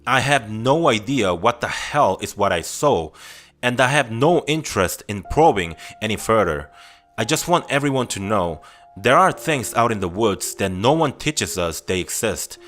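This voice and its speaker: A man reading first-person scary stories aloud in a steady, grim, confessional storytelling manner. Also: fairly low pitch, moderate pace, soft background music.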